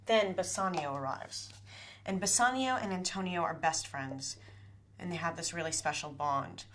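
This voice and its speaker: A young woman casually retelling a play's plot in a chatty way, full of fillers and quick paraphrased quotes. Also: fairly low pitch, a bit bright. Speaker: storyteller.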